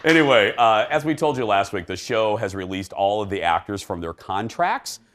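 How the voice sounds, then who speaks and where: Animated chatty male talk show host. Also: fairly low pitch, moderate pace, music in the background, crowd noise. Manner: animated and chatty, laughing often. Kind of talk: casual chat.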